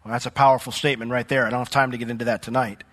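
A man's voice: medium pitch, flat delivery, very fast, fairly bright tone, in a large hall. A male pastor preaching a sermon in a conversational way, reading from the Bible and asking the congregation questions.

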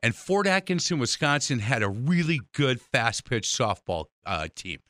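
A man's voice: medium pitch, sing-song, normal speed, fairly bright tone, no room sound, studio quality. A man hosting an interview show, telling long stories in a chatty way with many restarts. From Irish heritage. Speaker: show host. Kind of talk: casual interview chat.

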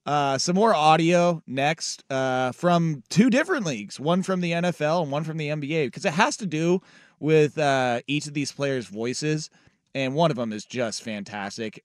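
Sports radio host, man, slightly high voice, joking and rambling, close dry studio mic. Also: no room sound. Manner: playful, laughs often, many fillers. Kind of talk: casual radio banter.

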